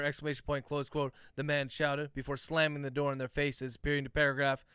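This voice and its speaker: A man, an author, dictating a novel aloud on a livestream, speaking each punctuation mark, with relaxed, chatty asides to his viewers. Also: medium pitch, fairly quick, clear, resonant tone, no echo, studio quality.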